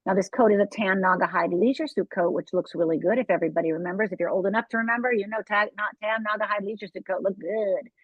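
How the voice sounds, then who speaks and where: A woman's voice: mid-range voice, steady tone, fast talker, few pauses, dry recording. A woman from Upper Michigan, a life coach and author, telling her own story in an interview, candid and direct with asides to the listener. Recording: tinny phone-like dry sound.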